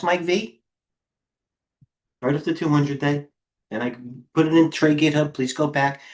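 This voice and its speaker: A middle-aged man hosting live trading commentary, firing off clipped ticker call-outs and excitedly talking to himself as he trades. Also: on the high side. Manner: talks to himself while trading. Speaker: head trader hosting a market livestream.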